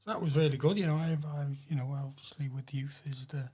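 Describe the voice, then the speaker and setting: A hoarse, croaky man whose voice is fading, sitting a touch higher than the others. He chats easily and politely as a co-host on a relaxed podcast. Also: fairly quick. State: hoarse, losing his voice. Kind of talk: casual chat.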